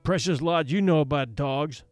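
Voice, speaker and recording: Man reading as a curt, sneering young dog driver, lively delivery. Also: high-pitched, normal speed, dry recording, faint music behind. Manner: curt, sneering, short-tempered. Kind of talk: audiobook character voice.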